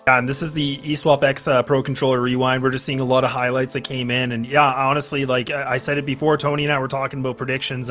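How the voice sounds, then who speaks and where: A Canadian man co-commentating an esports tournament in a casual, quick way. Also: medium pitch, level tone, fairly bright tone, soft background music. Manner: quick, casual, uses "uh" and "honestly".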